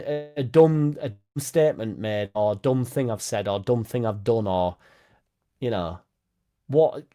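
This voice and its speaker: A man's voice: mid-range voice, dark tone. A young man hosting a football fan live stream, talking in a blunt, sweary, rambling way. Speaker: football fan channel host. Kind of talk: casual live-stream chat.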